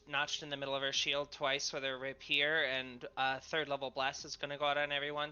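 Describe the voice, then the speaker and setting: A tabletop player describes a character's moves in a chatty, halting way. The voice is bright and smooth. The stream audio sounds dull and lo-fi. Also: medium pitch.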